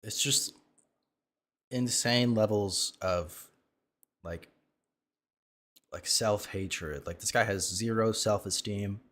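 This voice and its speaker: Male streamer reacting to a clip, lowish voice, dry and mocking remarks. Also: takes it slowly, pauses often, a bit bright. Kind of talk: sarcastic reaction commentary.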